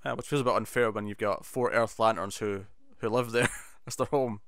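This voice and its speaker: A man talks through an episode with his co-host in lively, animated bursts, jumping into little acted-out lines along the way. His voice comes through smooth and clean on a close, dry mic with almost no room sound. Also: lowish voice, brisk, no room sound. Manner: animated, enthusiastic, quotes scenes in bursts. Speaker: podcast co-host. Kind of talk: casual chat.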